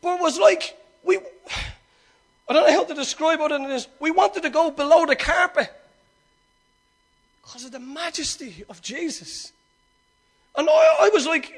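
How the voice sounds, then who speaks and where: High-voiced man preaching a lively sermon. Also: moderate pace, pauses often. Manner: animated, repeats and restarts, swells to shouts. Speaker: pastor.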